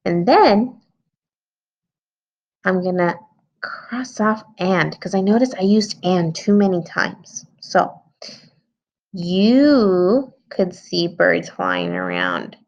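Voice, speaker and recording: A woman's voice: lowish voice, big pitch swings, takes it slowly, pauses often. A woman teacher giving a writing lesson to young children, patiently thinking aloud as she edits her story. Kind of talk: early-grade writing lesson. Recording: slightly dull lo-fi sound.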